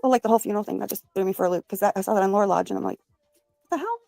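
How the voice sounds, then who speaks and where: Rapid, gravelly-voiced woman guest. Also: mid-range voice, animated, mellow, dry recording, faint music behind. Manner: rushed, emphatic storytelling. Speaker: panel guest. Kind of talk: recounting on a livestream panel.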